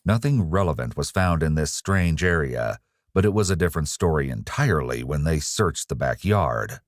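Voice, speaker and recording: A man reading grave, measured true-crime narration from a script. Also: very deep voice, lively intonation, dry recording. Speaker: documentary narrator.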